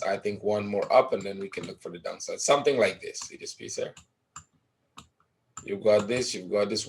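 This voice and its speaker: A man's voice: fairly low pitch, slight background noise. A man teaching forex trading in a live webinar, talking casually through chart patterns and often checking in with "right?".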